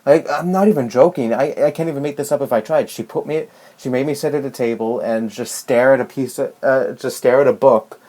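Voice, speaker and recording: A man's voice: mid-range voice, fairly quick, hardly any pauses, mellow. A young man vlogging a rambling, exasperated rant about a personal story, full of restarts and fillers. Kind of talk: ranting personal story to camera.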